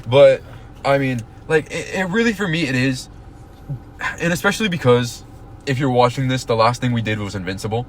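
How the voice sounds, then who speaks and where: A man's voice: mid-range voice, a little fast, slight background noise. A young man co-hosting a podcast in casual chat, rambling with restarts and swearing. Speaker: podcast co-host.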